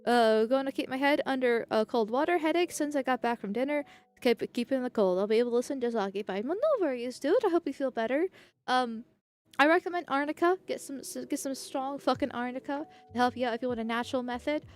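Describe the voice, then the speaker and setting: A woman's voice: high voice, fast. A woman streamer chatting casually, rambling through tangents and laughing often while thanking viewers. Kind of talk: casual live-stream chat.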